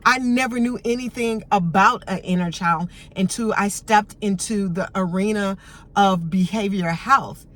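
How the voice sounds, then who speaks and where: A middle-aged woman talking as a behavioral health coach in a self-help vlog, guiding listeners gently and soothingly. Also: mid-range voice. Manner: gentle, soothing, unhurried guidance.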